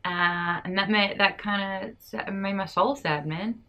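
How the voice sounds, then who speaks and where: A woman's voice: medium pitch, steady tone, unhurried, sharp tone, a little hiss or hum. A woman co-hosting a podcast, chatting casually, rambling and laughing as she loses her words. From Australia. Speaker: podcast co-host. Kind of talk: casual chat.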